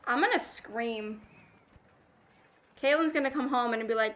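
High, bright-voiced exasperated woman streamer. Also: a little slow, highs cut off. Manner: exasperated, ranting, swears freely. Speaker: game streamer. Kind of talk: live-stream commentary.

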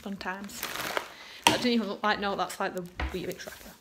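A woman's voice: medium pitch, fairly even intonation, fairly quick, heavy background noise. A young woman chatting in a casual home vlog, bubbly and rambling as she gushes over things. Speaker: vlogger. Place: family home, indoors.

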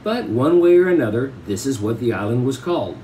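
A man reads a novel aloud chapter by chapter and breaks off to explain it in casual asides. His voice is mellow and relaxed, and a faint hiss sits under the recording. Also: mid-range voice, brisk, low-quality recording.

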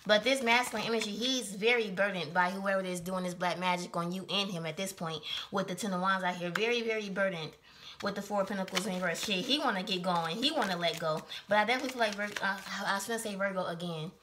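A woman reads tarot cards in a loose, chatty way, full of slang and swearing. Her voice is bright and forward, and she stops often to laugh at and correct her own slips. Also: mid-range voice, fast talker, a little hiss or hum. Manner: keeps correcting herself. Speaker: tarot reader. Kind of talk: casual tarot reading for a zodiac sign.

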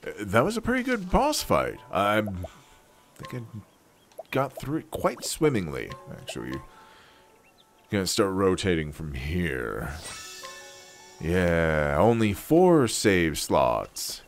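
A man's voice: low-pitched, huge pitch swings, slow pace, soft background music. A man giving casual, joking, sweary commentary on a video game he is playing. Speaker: let's play gamer.

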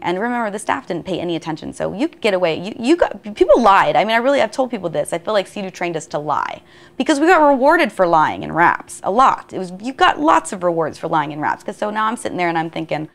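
Fast-talking woman recounting events. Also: mid-range voice, lively intonation. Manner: rapid, acts out other people's voices. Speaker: interviewee, former student. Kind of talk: documentary interview recollection.

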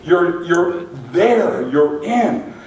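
Man, pastor, high voice, joking sermon, echoey hall, heard from afar. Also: drawn-out words, a little hiss or hum. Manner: lively and joking with the congregation. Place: large church sanctuary. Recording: echoey church from a distance.

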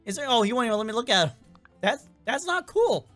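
Woman gamer w a high voice, chatty and excitable, kinda worn out and coughy, quiet game music behind. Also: fast talker. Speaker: gameplay commentator. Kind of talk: casual game commentary.

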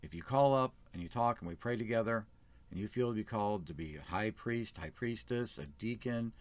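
A man's voice: fairly low pitch, lively intonation, a little fast, no echo. A man speaking as first elder of a small church, giving an earnest, plain-spoken sermon.

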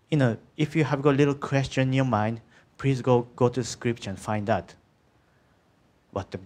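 A man's voice: on the low side, a little mellow. A man preaching a sermon in conversational, slightly non-native English, often checking in with the congregation. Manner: conversational, asks the congregation "isn't it?" and "yeah?"; second-language English with small grammar slips.

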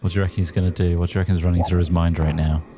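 A man's voice: low voice, flat delivery, very fast, over a noisy crowd. A man in casual gaming banter, teasing and joking about another player. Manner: teasing, jokey commentary on other players. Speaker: gaming group member.

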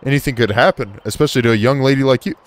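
A man's voice: medium pitch, very fast, dry recording, pitched above the performer's own voice, natural voice. A man reading aloud the lines of a polite, creepy male police officer from a horror game. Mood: warning.

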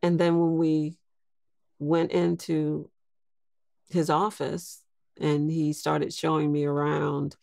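An older woman in her sixties tells her story slowly and thoughtfully. Her voice is strongly gravelly, and the recording is dry and close. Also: sits low, flat delivery, darkish tone, dry recording. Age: 60s. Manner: slow, reflective storytelling. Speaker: guest. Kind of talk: storytelling interview.

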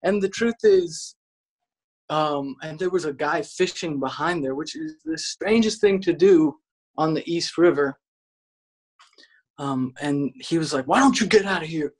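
A man in casual chat on a video call, telling an animated story and acting out the voices of the people in it. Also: on the high side, unhurried, pauses often, rough recording. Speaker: band member on a video call.

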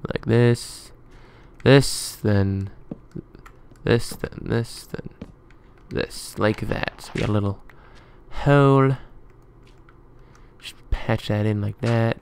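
A man's voice: lowish voice, takes it slowly, creaky, long pauses, a little mellow, slight background noise. A man giving rambling let's play commentary, muttering to himself as he plays. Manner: chatty, rambling running commentary; muttering to himself while building. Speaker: gaming YouTuber.

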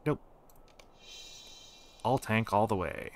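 A man's voice: mid-range voice, animated, unhurried, a little hiss or hum. A man in his forties giving casual, rambling commentary while streaming a game. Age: 40s. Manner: rambling, digressive.

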